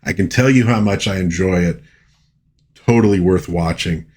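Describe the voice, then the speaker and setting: A middle-aged man reviewing a film in an excited, casual way, full of slang as he recounts scenes. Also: low-pitched, normal speed, breathy edge. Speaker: movie reviewer.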